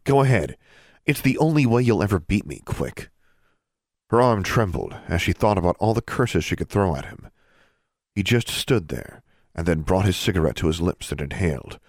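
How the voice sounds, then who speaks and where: A man with a very deep voice reads a fantasy audiobook, his delivery moving lively up and down through the sentences. The sound is dry and close to the mic, with no room around it. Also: no echo. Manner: steady storytelling with expressive dialogue. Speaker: narrator. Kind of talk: audiobook narration.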